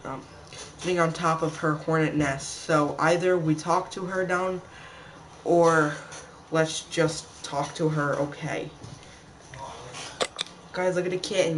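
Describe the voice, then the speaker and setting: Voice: medium pitch, fairly even intonation, slow pace, long pauses, a little hiss or hum, poor audio. Chatty gamer talking to viewers. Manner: chatty, talks to viewers as "guys" and reads game text aloud. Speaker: gamer playing a survival game. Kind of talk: casual let's-play commentary.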